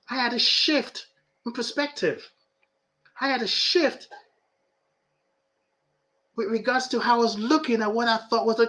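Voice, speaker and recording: Fervent and high-voiced, a bit bright, this podcast host and life coach preaches on a live-streamed spiritual talk while reading viewer comments. He repeats phrases for emphasis, laughs frequently, and pours out emotion.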